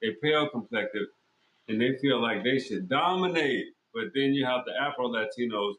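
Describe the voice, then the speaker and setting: Speaking at a normal speed, a podcast host rambles through a casual, blunt and profane monologue riddled with fillers and restarts. His voice is medium-pitched and slightly bright, and the room is echoey.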